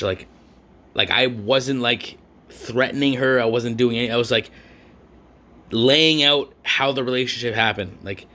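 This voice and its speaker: A man's voice: mid-range voice, normal speed, bright, forceful tone. Rambling, foul-mouthed young man. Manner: profane, slangy and rambling, with frequent fillers. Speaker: vlogger. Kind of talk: rambling storytime rant.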